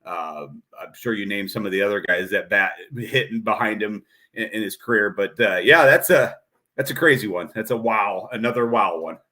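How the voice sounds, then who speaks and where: Bright-voiced man, easygoing co-host. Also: fairly low pitch, moderate pace. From Central Illinois. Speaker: podcast co-host. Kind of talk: casual sports podcast chat.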